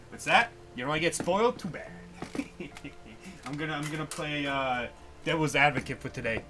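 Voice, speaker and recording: A man's voice: a little high, normal speed, pauses often, music in the background. A young man from the United States who hosts a casual livestream, rambling and ranting with frequent swearing. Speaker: livestream host.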